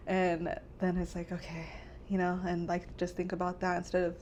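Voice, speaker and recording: A woman's voice: fairly low pitch, completely flat delivery, moderate pace, a little mellow, a little hiss or hum. A young woman hosting a casual podcast, rambling with many fillers and fighting back tears. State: tearful. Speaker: podcast host. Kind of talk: casual chat.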